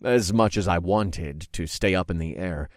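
A man narrating a fantasy story in first person, steady and expressive. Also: low voice, moderate pace, no room sound, studio quality. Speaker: audiobook narrator.

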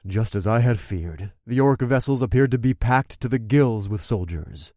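A man reads a gritty, profane first-person fantasy tale at a steady mid-range pitch. The recording is close and dry, with no room sound. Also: normal speed, no room sound. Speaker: narrator. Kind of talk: first-person story narration.

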